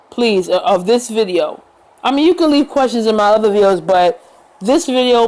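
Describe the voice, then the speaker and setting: A woman vlogger talking to the camera in a casual, earnest and reassuring way, unhurried, with fillers and pauses. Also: fairly high pitch, poor audio.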